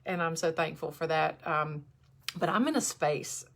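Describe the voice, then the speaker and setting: A woman in her forties talking candidly to viewers on a livestream, emotional and close to tears, halting and restarting. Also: low-pitched, gravelly, fairly bright tone. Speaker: host. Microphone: camera in front of her.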